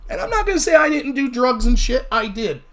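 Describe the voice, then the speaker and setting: A man's voice: very high-pitched, big pitch swings, fairly quick, vocal fry, pushed and bright. A man hosting a livestream and telling a long, rambling story in a casual, profane way. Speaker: livestream host.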